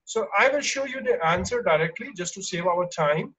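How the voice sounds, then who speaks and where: A man teaching an online exam-prep lesson, explaining slowly with lots of fillers and restarts. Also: high voice, animated, pushed and bright, slightly rough, poor audio. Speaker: English teacher.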